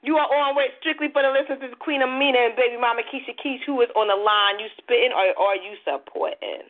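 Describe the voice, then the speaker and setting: A woman hosting a casual call-in radio show, lively and joking, quick to laugh as she reads shout-outs. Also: a little high. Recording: phone-like lo-fi line.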